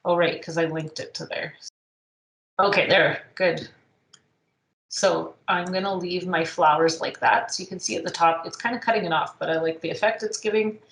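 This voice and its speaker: A woman teaching a software tutorial, thinking aloud as she clicks through the steps, with frequent ums. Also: fairly low pitch. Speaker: instructor. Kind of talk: screen-recorded software tutorial. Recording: echoey room.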